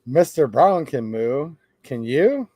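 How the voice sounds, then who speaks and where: A man's voice: medium pitch, sing-song, slow, dark tone, no echo. A man hosting a live stream, reading a children's rhyme book aloud in a playful sing-song way.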